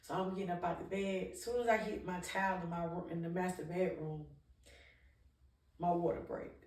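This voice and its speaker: A woman's voice: lowish voice, fairly even intonation, a little fast, darkish tone, distant mic. A woman vlogger candidly telling a personal story in an emphatic, conversational way, often restarting her sentences. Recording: echoey room, voice a little off-mic.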